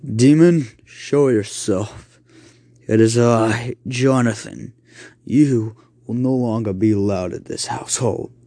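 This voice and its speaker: A man's voice: medium pitch, takes it slowly, dark tone, no echo. A man voicing a stern male priest and ghost hunter in his late forties, speaking firmly in an amateur spoken story. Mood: commanding.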